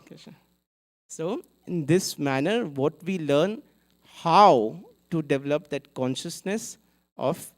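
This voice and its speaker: A temple speaker with a medium-pitched voice gives a sermon in a temple hall, captured on a live event mic. He tells a story animatedly, acting out its characters and asking the audience questions.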